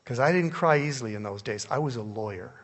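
An older man telling a personal story in a sermon, animated, swinging between hushed and loud. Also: mid-range voice, fast talker. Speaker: preacher. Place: church hall. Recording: long hall reverb.

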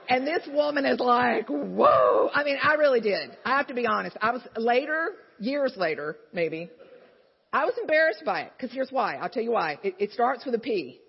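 Husky-voiced woman encouraging mothers. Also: a little high. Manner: candid, conversational storytelling with asides. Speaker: speaker at a mothers' gathering. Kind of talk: encouraging faith-based talk. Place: large hall with an audience. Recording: dull, lo-fi recording in a reverberant hall.

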